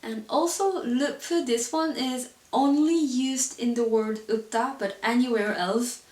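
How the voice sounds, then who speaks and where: A woman with a somewhat high voice leads an online pronunciation lesson. She explains each point patiently and fills gaps with a relaxed "so yeah." The sound is roomy and reverberant, with her voice heard from a little way off the mic. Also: measured pace, recorded from a distance. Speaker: language teacher. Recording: roomy echo, voice set back from the mic.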